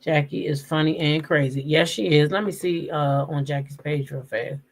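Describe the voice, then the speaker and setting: Low-voiced woman chatting casual gossip. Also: steady tone. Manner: chatty, drawn-out humming and fillers. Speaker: host.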